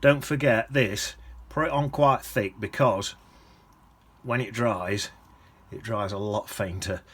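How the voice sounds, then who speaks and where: A man's voice: on the low side, slow pace, breathy edge. A man teaching watercolour, chatting casually and often dropping to a whisper as he paints. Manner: chatty, drifts into soft whispers and hums while painting.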